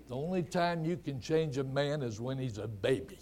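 A man's voice: mid-range voice, lively intonation, a little mellow, a little hiss or hum. A man preaching a sermon, telling stories and drawing out his words for emphasis. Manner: preaching with slow, drawn-out emphasis and storytelling. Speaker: pastor.

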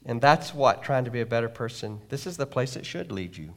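A man preaching a sermon in a church, animated and jokey, acting out quotes. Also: mid-range voice, fairly quick, few pauses. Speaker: pastor. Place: church sanctuary.

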